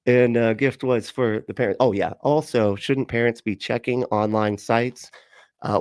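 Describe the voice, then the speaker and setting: A man's voice: medium pitch, creaky, darkish tone, dry recording, studio quality. A man hosting a casual livestream, reading out chat comments with sarcastic, profane remarks and frequent laughter. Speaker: livestream host.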